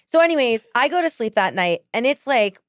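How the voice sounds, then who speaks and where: A woman podcast host telling a personal story in casual chat, animated, laughing often and acting out other people's lines. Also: fairly high pitch, fairly quick, no room sound, clean studio sound.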